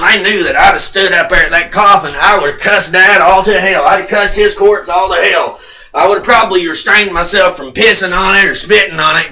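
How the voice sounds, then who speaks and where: A man's voice: fairly high pitch, creaky, roomy sound, distant mic, low-quality recording. Profane bitter man ranting. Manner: shouting and sing-song chanting. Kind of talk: angry rambling rant to camera.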